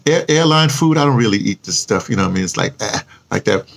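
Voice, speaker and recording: A man's voice: on the low side, animated, quick pace, creaky. A man with a New York accent talking casually and rambling to camera in a vlog, thinking aloud as he types a post. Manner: chatty, self-talk while typing a post, spells words aloud. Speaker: vlogger.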